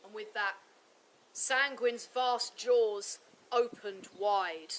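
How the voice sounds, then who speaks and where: A woman narrating a folk tale in a lively, expressive way. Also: mid-range voice, drawn-out words, rough recording. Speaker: storyteller. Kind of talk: live storytelling narration.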